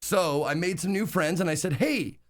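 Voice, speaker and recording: A man's voice: high-pitched, steady tone, brisk. A man telling travel stories during a casual live stream, rambling with lots of fillers and casual swearing. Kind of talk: casual storytelling chat.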